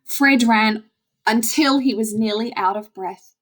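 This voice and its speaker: Woman reading a storybook slowly. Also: a little high. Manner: slow, expressive storybook reading. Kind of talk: reading a children's story aloud.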